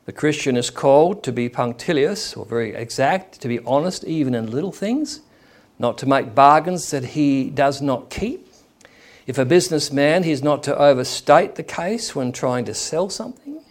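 A man's voice: a little high, lively intonation, normal speed. A man preaching a sermon in a conversational way, acting out the people he quotes.

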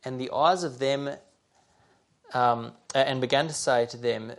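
A man delivers a sermon, reading scripture and then turning to press his point on the listeners. His voice sits in a middle pitch with a gravelly, creaky texture throughout. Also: measured pace. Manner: earnest, addresses listeners directly. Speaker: preacher.

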